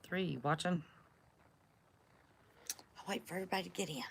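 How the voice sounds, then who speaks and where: Lady chatting live on her phone, low voice, folksy, says hi to everybody. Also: fairly even intonation, normal speed, gravelly, slight background noise. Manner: chatty, folksy, greets by name. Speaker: livestream host greeting viewers. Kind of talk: casual live chat. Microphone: phone on a stand.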